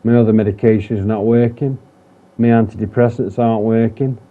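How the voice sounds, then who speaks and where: A vlogger with a lowish voice speaks candidly in a personal vlog, fairly quick and flat in delivery. He rambles, swears often, and keeps restarting sentences, all captured in dull lo-fi sound.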